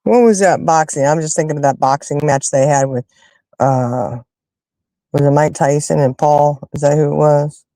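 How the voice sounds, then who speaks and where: A woman hosting a casual chat with her viewers, telling stories in an animated, emphatic way and fussing loudly when annoyed. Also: low voice, moderate pace, no echo. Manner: animated, emphatic storyteller who rants and fusses. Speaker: livestream host chatting with viewers.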